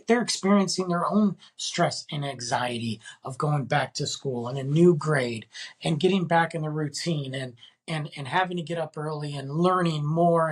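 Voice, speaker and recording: A man's voice: a little high, fairly bright tone, slightly rough. A man hosting a podcast, ranting in an exasperated, casual way and firing off rhetorical questions. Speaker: podcast host.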